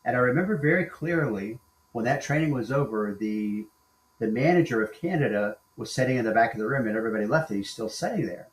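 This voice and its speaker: A man's voice: mid-range voice, animated, quick pace. A man in his sixties, a guest executive coach, talking emphatically and counting off his points in a conversational interview. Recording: roomy echo.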